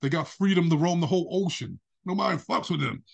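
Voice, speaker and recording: A man with a husky, slightly breathy voice that sits a bit higher than most men's. He tells a story on a podcast in a lively, casual way and acts out the other people's voices as he goes. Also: fast. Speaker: podcast guest.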